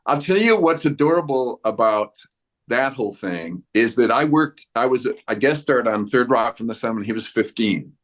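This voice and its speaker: A man in his sixties talks through a press interview in a mid-pitched voice. He rambles and restarts his sentences, and he slips into quoted voices as he tells a story. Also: expressive, normal speed, a bit bright. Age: 60s. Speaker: actor guest.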